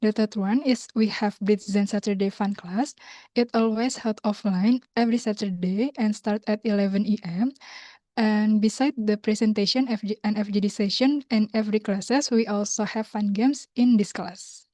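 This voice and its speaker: Mellow young Indonesian woman hosting. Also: mid-range voice, fairly even intonation, no room sound. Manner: unhurried, with hesitant learner phrasing. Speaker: community host. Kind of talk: online class announcements. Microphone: video call.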